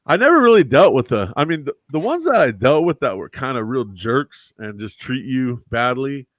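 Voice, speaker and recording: A man's voice: medium pitch, sing-song, moderate pace, no room sound. A man casually telling stories about his old security work, acting out the people he quotes and dropping "bro" and "dude". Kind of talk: casual storytelling chat.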